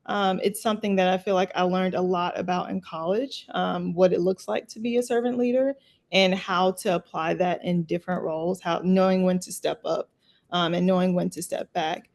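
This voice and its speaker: A woman's voice: on the low side, fairly even intonation, normal speed, darkish tone. A young woman in her twenties, a veterinarian, answering interview questions earnestly and thoughtfully. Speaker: veterinarian guest.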